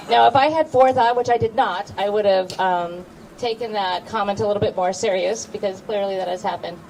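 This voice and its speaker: A woman's voice: mid-range voice, moderate pace, vocal fry, darkish tone, distant mic, a faint crowd, slight background noise, poor audio. A middle-aged woman giving a fond, chatty memorial tribute and laughing at herself. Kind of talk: casual memorial speech.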